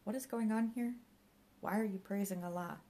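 A woman's voice: mid-range voice, normal speed, mellow, pitched above the performer's own voice, lightly acted. A woman reading an audiobook and voicing a dry, sardonic young man working as a reluctant park ranger. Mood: wry. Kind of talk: audiobook character voice.

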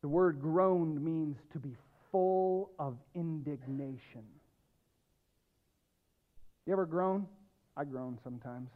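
A male pastor preaching a sermon, emphatic, dropping low and quiet and then rising with loud stress. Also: slow pace, pauses often. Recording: tinny phone-like lo-fi sound.

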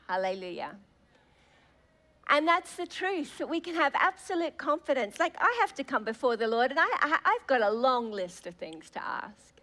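A woman preaches with fervent, prayerful emphasis. Her voice sits high, and she stretches key words out slowly as she leans into them. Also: lively intonation, a bit bright. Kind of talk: sermon.

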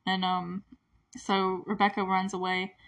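Recapping a movie plot in a casual, giggly, chatty way, a woman leans heavily on the word "like." Her mid-range voice is monotone, unhurried, and fairly bright, and the movie reviewer sounds a little distant from the mic.

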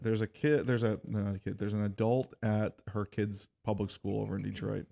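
Lower-voiced man on a church panel, eager and chatty, full of fillers. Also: little pitch movement, normal speed, gravelly, warm tone. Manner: eager, filler-heavy with many "like"s. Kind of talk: casual faith discussion.

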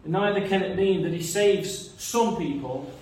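A man's voice: sits high, a little slow, a little mellow. A man preaching a sermon in an earnest, reasoning way, often repeating words as he thinks. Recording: echoey room, mic some distance away.

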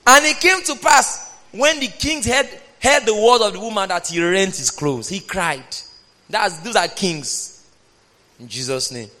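Animated high-voiced preacher in a reverberant hall. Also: male voice, measured pace. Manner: emphatic, animated, sometimes shouting, reading scripture aloud. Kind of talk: sermon.

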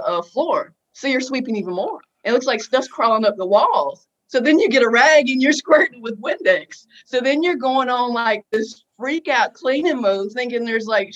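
A woman's voice: a little high, a bit bright. A woman guest on a podcast, speaking frankly and emphatically in a casual chat, often repeating herself. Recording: dull lo-fi sound.

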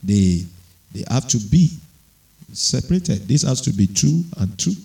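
A man preaches a sermon in an unhurried, deliberate way. His voice has a gravelly edge and a steady middle pitch. He leans into key words and lets his delivery climb into raised, fervent emphasis. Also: low-quality recording. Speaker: pastor.

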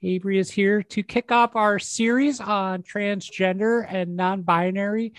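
A woman's voice: mid-range voice, steady tone, unhurried, no room sound. A woman from Minnesota co-hosting a podcast over a video call, friendly and conversational. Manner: friendly, conversational, some restarts. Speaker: podcast co-host.

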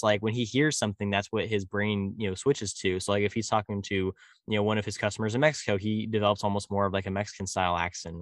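This Californian man has a lowish voice and a faint rural country drawl as he talks casually, wandering off track and using lots of fillers. The audio is studio quality with no echo.

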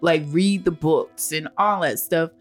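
A woman co-hosting a podcast in casual chat, telling stories with animated, profane jumps in pitch. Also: unhurried, soft background music. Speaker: podcast co-host.

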